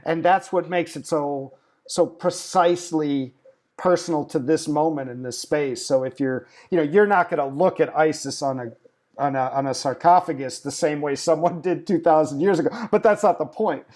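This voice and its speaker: A man's voice: fairly high pitch, normal speed, a little mellow. A man hosting a casual conversation from his house, reflecting and thinking aloud.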